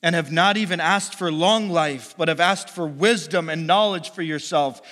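A man's voice: moderate pace, pushed and bright. A man preaching a sermon as pastor, telling stories and acting out the voices in them. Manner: storytelling, acts out quoted voices with big pitch jumps. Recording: long hall reverb.

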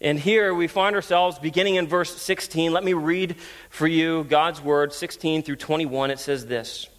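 A man's voice: on the high side, fairly even intonation, normal speed, a bit bright. A man in his thirties preaching as a guest, earnest and storytelling, with frequent restarts. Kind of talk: sermon.

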